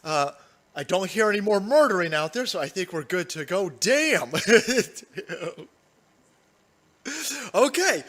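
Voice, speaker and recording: A man's voice: high-pitched, lively intonation, slow pace, a bit bright. A man hosting a casual live-stream show from home, rambling loosely with crude jokes and frequent laughter. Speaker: livestream show host.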